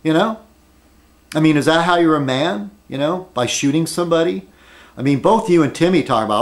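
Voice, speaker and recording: A man's voice: fairly high pitch, animated, moderate pace. Rambling, argumentative man vlogging. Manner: argumentative, rhetorical questions, many fillers. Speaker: video blogger. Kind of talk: rambling opinion vlog.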